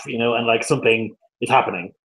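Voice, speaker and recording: A man's voice: medium pitch, moderate pace, slight background noise, rough recording. Chill guy on a live hangout stream, laughs a lot, swears casually. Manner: laid-back, laughs often, swears casually. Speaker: co-host.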